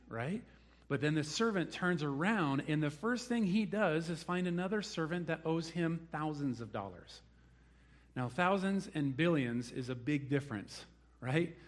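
A man's voice: on the high side, lively intonation, measured pace. A man preaching a sermon, telling the story with animation and acting out the people he quotes. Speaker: pastor.

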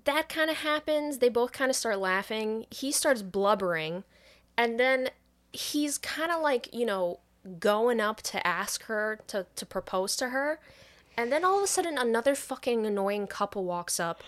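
With a somewhat high voice at an ordinary pace, a female podcast co-host retells a film's story in relaxed chat. It's a profane, lively recap, peppered with her impressions of what the characters say.

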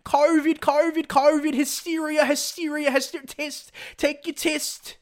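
A man's voice: very high voice, level tone, unhurried, voice pushed up. A man putting on a bossy Australian rule-barker. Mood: mocking. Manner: mocking, chanting orders. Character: bossy Australian man barking pandemic rules.

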